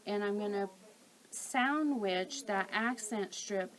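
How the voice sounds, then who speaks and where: Slow, calm woman teaching sewing. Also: mid-range voice, low-quality recording. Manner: calm, methodical, talks while working. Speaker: quilting instructor. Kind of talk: step-by-step sewing tutorial.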